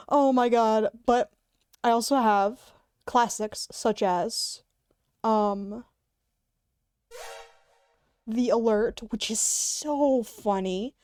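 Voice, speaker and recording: A woman's voice: fairly high pitch, darkish tone, smooth, no room sound. A woman streamer rambling casually and giggling while showing off sound effects and voice changer settings. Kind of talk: casual livestream chat. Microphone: headphones beneath a hat.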